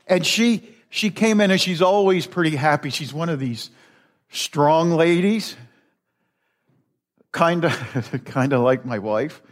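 A middle-aged man preaching in a church with a slightly raised voice. He talks slowly and casually, wandering through his thoughts with restarts and small chuckles. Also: on the high side. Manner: rambling, folksy, with restarts and chuckles. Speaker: lay preacher. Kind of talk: conversational sermon. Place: church sanctuary.

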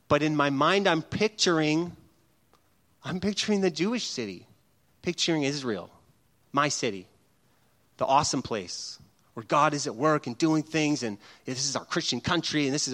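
A middle-aged pastor delivers a sermon in a notably high voice for a man. He is animated and playful, and often slips into acted-out scenes to make his point. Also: normal speed. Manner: animated and humorous, acting out little scenes.

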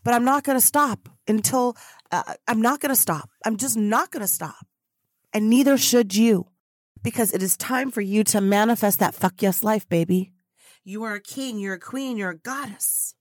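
A woman's voice: on the high side, normal speed, dry recording, studio quality. A woman hosting a spiritual motivation podcast, talking in an effusive, preachy way and leading chanted affirmations. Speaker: podcast host.

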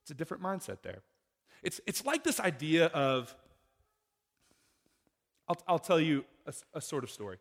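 Lively preaching man, echoing hall. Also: a little high, moderate pace, vocal fry, pauses often. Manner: conversational preaching, rhetorical questions to the congregation. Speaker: pastor. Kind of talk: sermon.

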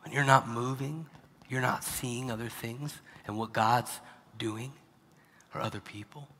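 A male pastor preaching a sermon, dropping to hushed, near-whispered lines and then rising to loud, emphatic preaching. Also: mid-range voice, fairly even intonation, unhurried, in a large hall, slight background noise.

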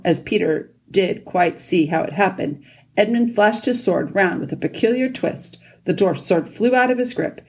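A woman narrating a children's storybook at a steady pace. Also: lowish voice, gravelly. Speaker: audiobook narrator.

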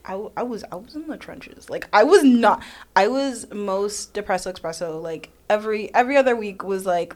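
Woman, guest in a casual talk; expressive, self-deprecating, mid-range voice. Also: medium pitch, fairly quick. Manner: animated, self-deprecating, acts out quoted voices. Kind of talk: casual conversation.

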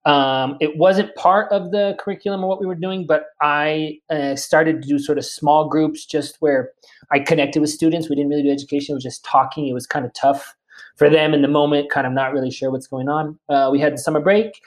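A man in his thirties, a teacher, talking casually as a podcast guest in a relaxed, friendly way with lots of fillers. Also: on the high side, fairly quick. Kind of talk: casual interview talk.

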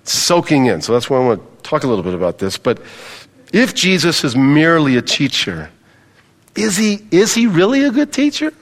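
A male pastor delivering a sermon in a church sanctuary, his voice sitting a little high for a man. He drives home his points with emphatic repetition and keeps asking the congregation to say the words back. The sound carries the long reverb of a large hall. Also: sing-song, normal speed. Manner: emphatic, repeats key phrases and calls for congregation responses.

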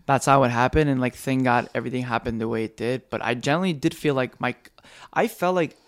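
A young man co-hosts a casual podcast and talks quickly, his words tumbling out one after another. He tells his stories with animation and jumps into the voices of the people he quotes. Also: mid-range voice, no room sound, studio quality. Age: young adult. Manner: animated storyteller who acts out quoted voices. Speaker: podcast co-host. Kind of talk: casual chat.

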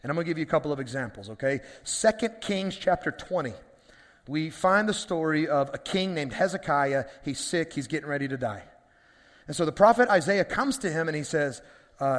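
A man's voice: on the high side, expressive, a little fast, fairly bright tone. A man preaching a sermon as pastor, talking conversationally to his congregation and asking rhetorical questions. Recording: long reverb of a large hall.

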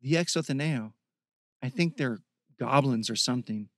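A man's voice: mid-range voice, normal speed, fairly bright tone, dry recording, studio quality, lightly acted. A man reading an audiobook voices an easygoing young man who talks in casual, slangy banter with his friend. He lifts his voice somewhat for this role.

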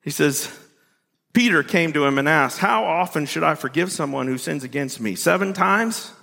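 Pastor preaching loud and animated, highish voice, long church-hall reverb. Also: male voice, normal speed, vocal fry. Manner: animated preaching with big pitch swings. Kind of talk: sermon. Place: church sanctuary.

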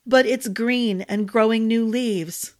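Lady putting on a nervous whiny young guy, kinda high. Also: slow. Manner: hesitant, whimpering. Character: timid young male gardener, nervous and whiny.

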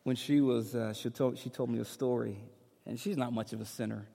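A male pastor preaching to a congregation in a large church hall, with his voice trailing off into a long reverb. He shifts between loud, urgent declarations and an easygoing, joking storytelling tone. His pitch sits in an ordinary middle range for a man. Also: steady tone, brisk, gravelly, a little hiss or hum. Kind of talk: sermon.

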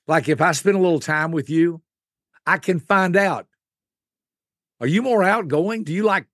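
Older male expert guest; animated, fairly high-pitched teaching voice; dry, close recording. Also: dry recording. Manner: animated, acts out quick voices of types. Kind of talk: explanatory teaching talk.

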